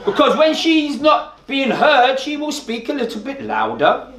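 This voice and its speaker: A man speaking emphatically in an animated group discussion, expressive and lively. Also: very high-pitched, measured pace. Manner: emphatic, expressive, acts out quotes. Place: meeting room with listeners. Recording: echoey room with a group around.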